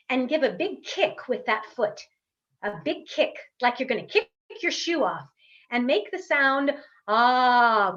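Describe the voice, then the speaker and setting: A woman voice coach leading a guided vocal warm-up over a webcam, giving encouraging step-by-step instructions with long hums. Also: high-pitched, dull audio. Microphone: webcam on a video call.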